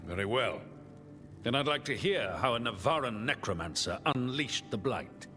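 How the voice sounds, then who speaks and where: A man's voice: medium pitch, lively intonation, moderate pace, sharp tone, soft background music. An actor playing a stern, formal male commander in a video game, who questions others in a cold, demanding way. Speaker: the First Warden, a military commander.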